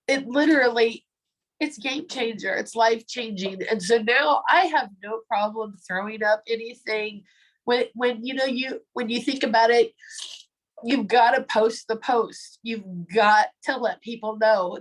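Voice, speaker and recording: A woman's voice: fairly high pitch, low-quality recording. A woman in her forties giving a chatty testimony on a video call, acting out the quoted voices as she tells it. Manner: chatty storyteller, acts out quoted voices, frequent ums. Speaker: product distributor sharing a testimony.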